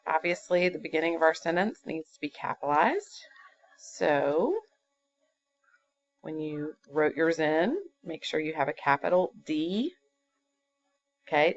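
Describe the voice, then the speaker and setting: A woman teaching a fifth-grade grammar lesson, patient and explaining step by step with fillers. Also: low voice. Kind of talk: recorded classroom grammar lesson. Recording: dull lo-fi computer recording.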